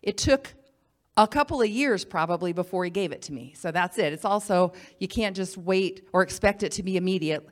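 A woman giving a personal testimony as a missionary, telling her story in a lively way and acting out the voices of the people she quotes. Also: lowish voice, brisk. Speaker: missionary speaker.

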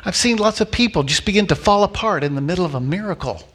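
A man preaching a sermon as a pastor, telling a story with lively acted-out voices and repeating key lines slowly for emphasis. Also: high voice, breathy edge. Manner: animated storytelling, acting out voices of people in the story.

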